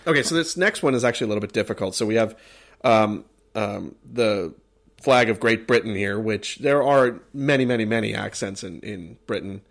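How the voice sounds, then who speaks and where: A man's voice: on the low side, normal speed, vocal fry. An American man co-hosting a casual chat, rambling with lots of fillers and restarts. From United States. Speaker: podcast co-host. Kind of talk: casual chat ranking accents.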